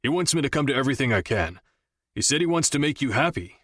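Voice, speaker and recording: A man's voice: mid-range voice, sing-song, fast, a bit bright, husky, dry recording, studio quality, voice pushed up. A man doing a smug, teasing buddy. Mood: gleeful. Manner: smug, joking banter. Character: cocky, teasing young man, best friend.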